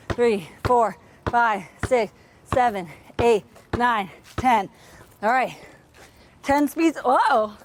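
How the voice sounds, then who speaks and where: A woman coaching kids through a live online tennis workout, upbeat and counting drills aloud, sometimes out of breath. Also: high-pitched.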